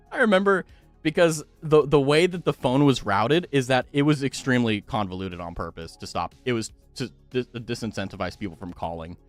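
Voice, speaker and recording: A male streamer talks in a lively, animated way, his pitch swinging widely as he swears and laughs his way through stories. The sound is close and dry, with faint music playing under him. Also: no echo. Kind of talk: casual chat with viewers.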